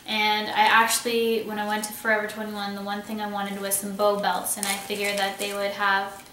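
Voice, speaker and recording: A woman's voice: medium pitch, completely flat delivery, normal speed, bright, forceful tone. A young woman chatting casually and enthusiastically as she shows off clothes and accessories, thinking aloud as she goes. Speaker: beauty vlogger. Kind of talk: casual haul video. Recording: roomy echo, somewhat far from mic, faint hiss.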